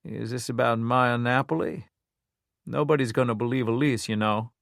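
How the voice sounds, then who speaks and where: Man voicing calm mocking male villain, droll, unbothered, dry close sound. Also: medium pitch, moderate pace, gravelly, no room sound.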